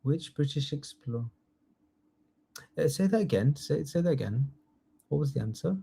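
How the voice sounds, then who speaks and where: A man's voice: fairly high pitch, animated, moderate pace, vocal fry, mellow, breathy edge. Casting note: man in his thirties, chatty online quiz tutor who jokes and reads out answer options. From United Kingdom. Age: 30s. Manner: chatty, jokey, reads out multiple-choice options and praises students by name. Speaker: citizenship test tutor. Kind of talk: live online quiz lesson.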